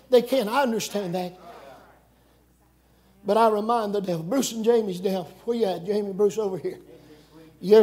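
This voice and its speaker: High-voiced folksy preacher. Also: male voice. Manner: folksy, joking, shouts at times. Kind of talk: camp meeting sermon. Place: church camp meeting with congregation.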